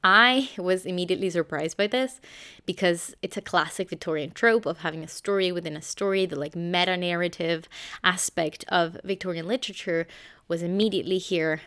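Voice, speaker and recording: Low, smooth-voiced woman reviewing a novel. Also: a bit bright. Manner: measured, reading from a script. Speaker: book reviewer. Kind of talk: scripted book review.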